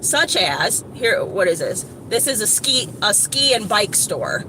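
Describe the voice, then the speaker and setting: A woman from Evanston, Illinois, giving a casual, rambling motivational talk to her phone camera outdoors, slangy and animated with lots of asides. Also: mid-range voice, measured pace. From Evanston, Illinois, USA. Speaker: motivational vlogger. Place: outdoors by a street with shops. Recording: outdoor traffic noise.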